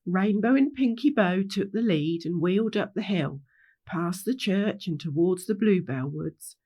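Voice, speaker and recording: A woman reads a children's story aloud. Her intonation is lively and expressive. It is a storyteller's reading. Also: mid-range voice, measured pace, highs cut off.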